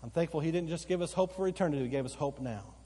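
A male pastor preaching a sermon, swinging between loud emphatic outbursts and slow, quiet, earnest stretches, repeating phrases for emphasis. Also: fairly high pitch, slightly rough. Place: church sanctuary. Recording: long church hall reverb. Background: occasional congregation responses.

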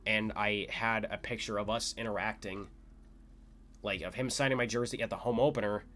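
A young man hosting a podcast, telling a story casually, excitable and full of fillers, his voice leaping up when he quotes his own shouts. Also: normal speed, a little hiss or hum. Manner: excitable, lots of "like" fillers, jumps to high pitch when quoting shouts. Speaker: podcast host.

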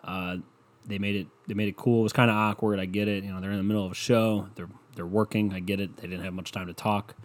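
With a fairly low pitch and flat, fast delivery, this solo podcast host rambles casually. He swears without restraint and leans constantly on "you know" as a filler.

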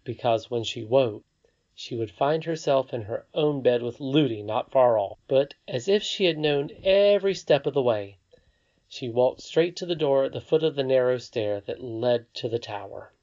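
A narrator reading a fairy tale aloud with a measured, expressive delivery. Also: mid-range voice. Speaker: audiobook narrator. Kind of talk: storybook narration. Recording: slightly dull lo-fi recording.

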